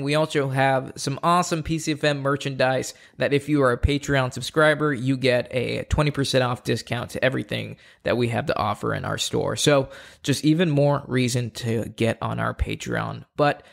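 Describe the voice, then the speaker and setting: A man's voice: medium pitch, fairly even intonation, normal speed, gravelly. A man co-hosting a casual podcast, speaking earnestly and often restarting his words. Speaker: podcast co-host.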